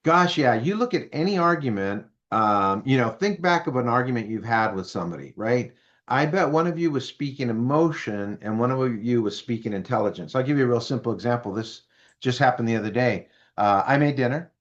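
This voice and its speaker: A man's voice: medium pitch, a little fast, dull audio. A man in his fifties, a business speaker as interview guest, telling stories and acting out the voices of people he quotes. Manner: animated, acts out quoted voices. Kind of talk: interview storytelling.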